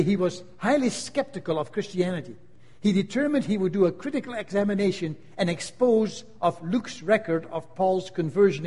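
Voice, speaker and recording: A man preaching a sermon, dramatic and emphatic, swinging between bursts of fervor and hushed appeals, often repeating words as he restarts. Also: high-pitched. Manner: dramatic, rising to emphatic outbursts and dropping to near-hushed appeals. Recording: long hall reverb.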